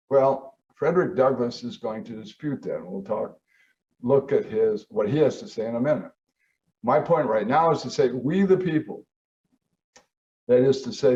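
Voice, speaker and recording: A man's voice: medium pitch, a little mellow. An older man, a professor hosting his show, lecturing emphatically and posing rhetorical questions. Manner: emphatic, rhetorical questions, quoting founding texts. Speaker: host, professor. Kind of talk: lecture-style commentary. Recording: slightly distant, dull lo-fi sound.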